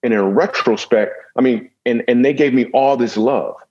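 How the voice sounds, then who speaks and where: A man's voice: mid-range voice, moderate pace, a little mellow, dull audio. A man, a comedian guest, telling a humorous story in conversation with jokey, self-deprecating asides.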